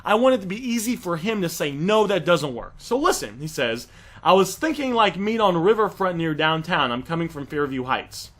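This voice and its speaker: Talking directly to his audience, a man who coaches online reselling gives a laid-back walkthrough of his deal negotiations, performing each text exchange as he reads it. His slightly bright voice sits high with big pitch swings, at a moderate pace.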